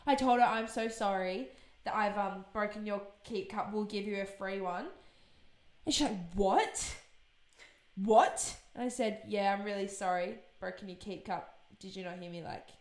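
A woman's voice: mid-range voice, fairly even intonation, normal speed. A young woman hosting a podcast, telling exasperated stories in casual chat. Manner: chatty, exasperated storyteller. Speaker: podcast host.

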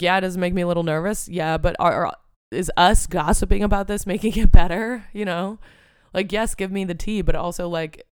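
A young woman hosts a solo podcast and talks frankly, swearing freely and filling her talk with "like" and "you know." Her voice has a gravelly fry, yet it stays very clean and clear. The sound is dry and close to the mic. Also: on the low side, no echo. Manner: candid and profane, lots of fillers like "like" and "you know". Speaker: podcast host. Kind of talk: casual solo podcast monologue.

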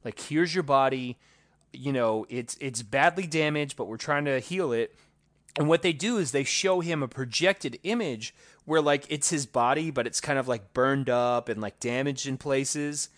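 A man riffs on a movie he disliked and pokes fun at it. He acts out the characters' lines in a lively voice of middle pitch. The recording is close and dry, with no room sound. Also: normal speed, dry recording. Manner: animated, mocking, acts out quotes. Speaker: podcast co-host. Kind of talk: casual movie review chat.

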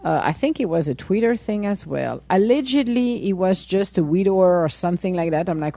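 A woman hosting a podcast, chatting casually and telling an animated story, laughing often and acting out her own replies. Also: on the low side, a little fast, vocal fry, few pauses, dry recording. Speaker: podcast host. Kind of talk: casual chat.

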